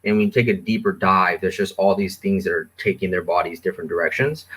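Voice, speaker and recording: A man with a somewhat low voice talks through fitness advice in a relaxed, meandering way. He coaches the listener and often pauses on ums and uhs. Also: breathy edge. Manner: relaxed, filler-heavy, coaching. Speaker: supplement store specialist guest. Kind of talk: casual advice chat.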